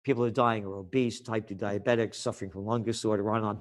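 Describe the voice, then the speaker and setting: A man's voice: fairly low pitch, steady tone, fast. A man speaking as a podcast guest in a fiery, ranting, sarcastic way. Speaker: guest, trends forecaster. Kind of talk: impassioned podcast interview.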